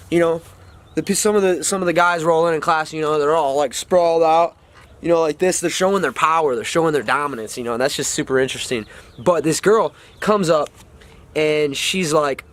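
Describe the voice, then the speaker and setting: Rambling young man giving pep talk. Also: fairly high pitch. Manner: rambling, repeats himself, many fillers. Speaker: vlogger giving advice. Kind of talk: casual motivational talk.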